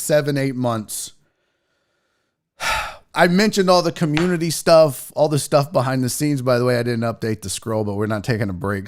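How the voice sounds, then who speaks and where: A man hosting a casual sports livestream, excitable, emotional and quick to swear. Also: fairly high pitch, smooth. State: out of breath. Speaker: sports show host.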